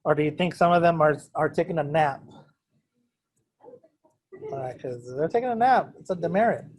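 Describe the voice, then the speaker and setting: A man's voice: a little high, moderate pace. A man teaching a math class in a casual, joking way, keeps quizzing his students. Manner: joking, self-deprecating. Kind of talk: classroom lecture. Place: classroom with students also on a video call.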